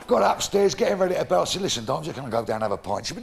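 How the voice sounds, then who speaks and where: In a noisy live recording, a middle-aged London comedian with a Cockney accent works the stage, his high-pitched, gravelly voice brisk and very animated. He swears without restraint, stays brash and crude, and performs both sides of each story.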